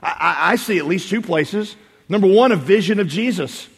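Animated high-voiced preacher in a reverberant hall. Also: male voice, moderate pace, husky. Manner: animated preaching, swings from loud to quiet. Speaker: pastor. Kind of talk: sermon. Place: church sanctuary.

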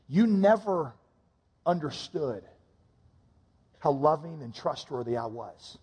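Male pastor, sermon, slightly high and husky, swings between hushed tenderness and urgent emphasis; hall reverb. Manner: shifts from hushed, slow intimacy to loud, rising urgency.

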